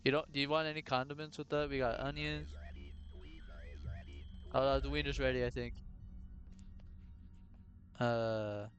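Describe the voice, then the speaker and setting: A man at a middle pitch streams a game with loose, joking commentary. He plays along as a clerk serving customers and keeps up a goofy running bit. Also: fairly even intonation, measured pace, pauses often, highs cut off, soft background music. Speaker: gaming streamer.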